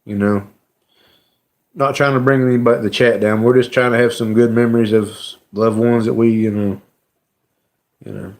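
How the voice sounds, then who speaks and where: Male streamer host, mid-pitched, casual, emotional, halting with many fillers. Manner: emotional, halting, lots of "you know" fillers. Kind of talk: casual live-stream chat.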